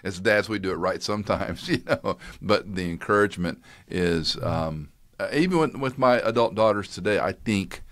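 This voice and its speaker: A man in his sixties, a retired pastor hosting an interview, telling stories in a reflective, unhurried way with stammered restarts. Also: sits low, fairly bright tone, no room sound. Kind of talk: conversational interview.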